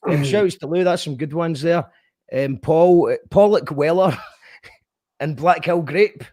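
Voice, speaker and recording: A man's voice: on the high side, measured pace, darkish tone, no room sound. A Scottish man hosting a casual radio interview, talking in loose restarts and reading out listener entries. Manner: conversational, trailing restarts, reads out listener entries. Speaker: radio show host.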